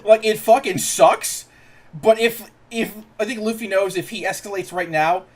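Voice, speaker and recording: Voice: medium pitch, moderate pace, a little mellow. A podcast host in a casual chat, making crude jokes and laughing often.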